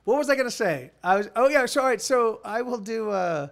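High-voiced rambling, profane male streamer. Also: expressive, a little fast, a bit bright. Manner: rambling, profane storytelling with many restarts. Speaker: musician hosting a live stream. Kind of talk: casual chat on a live stream.

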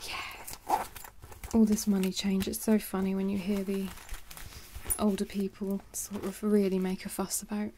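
A woman chatting in a soft, rambling way for ASMR, moving between quiet speech and whispers and making jokes. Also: medium pitch, flat delivery, measured pace, very noisy. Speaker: ASMR creator.

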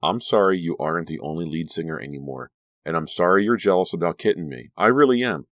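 A man's voice: deep voice, quick pace, fairly bright tone, no echo, studio quality. A man voicing Danielle, a frantic teenage girl. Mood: defiant. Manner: frightened, then snarling and frantic. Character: anxious teenage girl turning savage.

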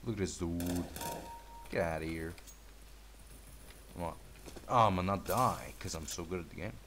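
A man's voice: deep voice, normal speed, a bit bright, a little hiss or hum. A man giving casual gameplay commentary, laid-back and mumbly, trash-talking and swearing at the game.

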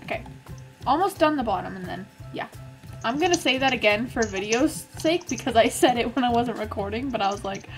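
High-voiced giggly woman gamer. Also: lively intonation, fairly quick, soft background music. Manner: giggly, self-mocking, playful. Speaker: gaming YouTuber and server moderator. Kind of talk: casual gameplay chatter.

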